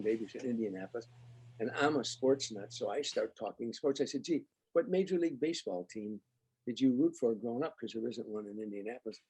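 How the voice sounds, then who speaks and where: Older male comic guest, husky timbre, spins anecdotes with voiced dialogue. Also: on the low side. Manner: animated anecdotes, acts out quoted dialogue. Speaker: guest comedian. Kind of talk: storytelling interview.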